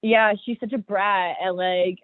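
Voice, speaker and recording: A woman's voice: mid-range voice, steady tone, a little slow, no echo. Giggly, profane young woman on a tinny line. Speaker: podcast guest, rapper. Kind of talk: casual chat. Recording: dry tinny phone-like audio.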